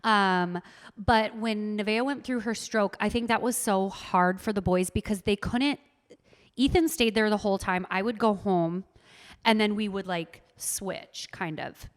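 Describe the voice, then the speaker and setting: A woman's voice: medium pitch, unhurried, big-room sound. A woman with a Minnesotan accent, chatting earnestly as a podcast guest, with lots of "like" fillers. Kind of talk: casual interview chat.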